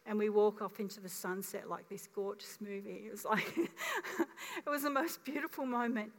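A woman in her fifties preaching a sermon as pastor, telling her story in a lively way and acting out the voices. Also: mid-range voice, moderate pace. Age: 50s. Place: church auditorium. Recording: long reverb of a church hall.

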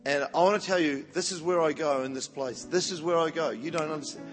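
A man's voice: on the high side, fairly quick. A man preaching as an evangelist, telling stories animatedly and often repeating words as he restarts. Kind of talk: sermon storytelling. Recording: reverberant hall with faint music.

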